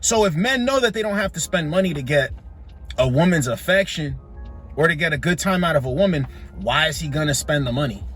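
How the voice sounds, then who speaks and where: A man delivers blunt, preachy reaction commentary, repeating his points for emphasis. His voice sits a little high for a man, with faint music behind him. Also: animated, a little fast, a bit bright.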